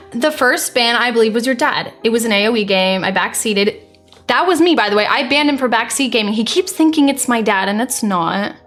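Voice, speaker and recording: A woman's voice: on the high side, animated, fairly bright tone, faint music behind. A young American woman streamer reading viewer messages aloud in a blunt, exasperated way. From United States. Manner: blunt and exasperated, quick to deny.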